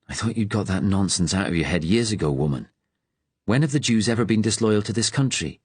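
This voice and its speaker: A man voicing Bert, a blunt, indignant husband who speaks gruffly, in a storybook audiobook. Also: low-pitched, steady tone, fairly quick, a little mellow, no room sound.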